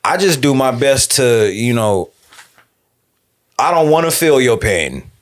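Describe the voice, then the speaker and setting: A man's voice: mid-range voice, big pitch swings, slow pace. A man guesting on a podcast, telling a personal story in a laid-back way with lots of fillers. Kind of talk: casual interview talk.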